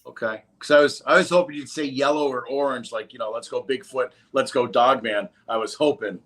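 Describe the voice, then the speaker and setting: Man interviewer, casual podcast chat, soft-spoken, curious, measured. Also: mid-range voice, steady tone.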